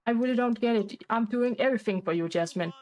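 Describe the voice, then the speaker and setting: A woman's voice: fairly high pitch, quick pace, darkish tone, close to an everyday voice. A woman voicing a hurt, angry husband who confronts his cheating wife with repeated, exasperated questions. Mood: hurt, accusing.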